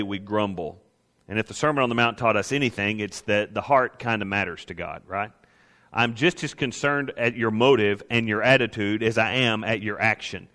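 A man's voice: mid-range voice, fairly bright tone, long reverb tail. A man preaching a sermon in a conversational way, now and then acting out the grumblers he quotes. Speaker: pastor.

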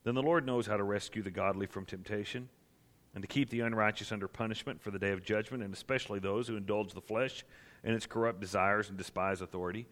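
A man's voice: fairly low pitch, fairly even intonation, fast talker, fairly bright tone. A man preaching a sermon as pastor to a church gathering, earnest and building to impassioned emphasis.

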